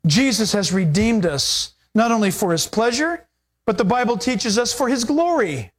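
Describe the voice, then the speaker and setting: Brief: male pastor, sermon delivery, lively and animated, acts out dialogue. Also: sits high, moderate pace. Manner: animated, acts out quoted voices with laughter.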